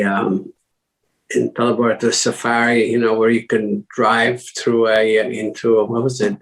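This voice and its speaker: A man's voice: on the low side, vocal fry, low-quality recording. An older man from Italy, a former racing driver as interview guest, telling stories in a rambling way with many fillers and restarts. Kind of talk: casual interview talk.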